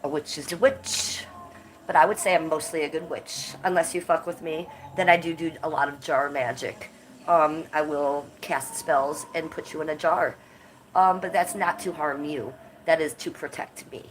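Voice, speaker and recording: A woman's voice: low voice, fairly even intonation, normal speed, slight background noise. A woman hosting a casual livestream, blunt and profane, her voice stuffed up from a cold, with coughs between her lines. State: congested and coughing. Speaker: livestream host.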